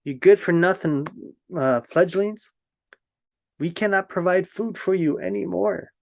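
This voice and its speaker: A man putting on shrill scolding parent ravens. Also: measured pace, creaky.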